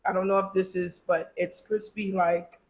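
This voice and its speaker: A man's voice: high-pitched, level tone, normal speed. A man hosting an interview, tasting food and reacting with enthusiasm, sometimes talking with his mouth full. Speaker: host.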